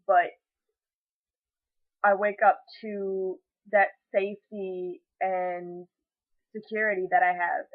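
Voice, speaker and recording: A young woman in her late teens talking to camera at home in a casual vlog, emotional and rambling, full of fillers and restarts. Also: medium pitch. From United States. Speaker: vlogger. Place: at home, indoors. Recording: tinny phone-like audio.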